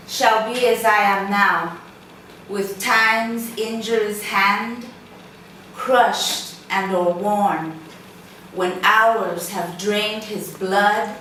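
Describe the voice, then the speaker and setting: A woman acting student reciting a sonnet with slow, deliberate care. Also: mid-range voice, sharp tone. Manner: slow, measured, deliberate delivery. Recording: roomy, distant mic, faint noise.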